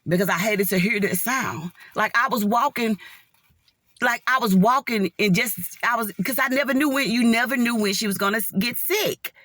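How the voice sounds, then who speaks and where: A woman's voice: on the high side, moderate pace, fairly bright tone, dry recording. Middle-aged woman telling her faith story, earnest and heartfelt, dry close sound. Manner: earnest, heartfelt, addresses listeners as y'all. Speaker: nurse sharing a faith testimony. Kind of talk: casual spoken testimony to viewers.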